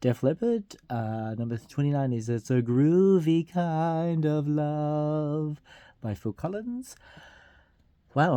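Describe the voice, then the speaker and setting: A man's voice: medium pitch, dark tone, dry recording, clean studio sound. A man casually counting down a chart of songs, half-singing the titles and laughing at his own slips. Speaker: vlogger counting down a song chart. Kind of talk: casual countdown with hummed song snippets.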